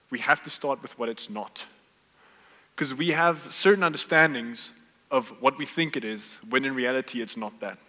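Bright-voiced preacher in echoing hall. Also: male voice, medium pitch. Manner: relaxed, joking, conversational preaching. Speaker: pastor. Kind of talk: sermon with storytelling. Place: church hall. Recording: long hall reverb.

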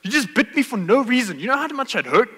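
A man voicing a furious male hiker who yells at the snake that bit him. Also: very high-pitched, big pitch swings, fast, slightly rough, pitched above the performer's own voice, heavily acted. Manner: yelling, indignant, accusing. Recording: long hall reverb.

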